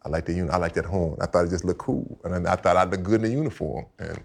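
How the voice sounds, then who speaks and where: Deep gravelly older man telling stories. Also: rapid-fire. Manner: animated storyteller, repeats himself, acts out quotes. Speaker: guest, retired football player. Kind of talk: casual storytelling chat. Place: house set for a podcast.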